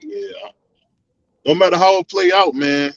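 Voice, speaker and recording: A man's voice: high voice, level tone, unhurried, gravelly, no room sound, dull audio. A man calling in to a boxing talk show, teasing and playful in casual chat.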